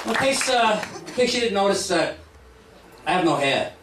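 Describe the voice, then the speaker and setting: A brash middle-aged man works a comedy club crowd with stand-up, his voice lively and fairly high as it swings up and down. He is caught from a distance in an echoey room, with the audience's laughter and chatter loud behind him. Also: very noisy. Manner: brash, punchy delivery with quick asides to the crowd.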